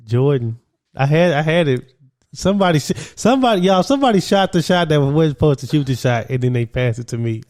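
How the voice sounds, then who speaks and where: A young man with a drawl talks through a relaxed podcast conversation, lively and quick to laugh. He speaks at an ordinary middle pitch and keeps breaking into bits of his own inner self-talk. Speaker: podcast co-host. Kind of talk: casual chat.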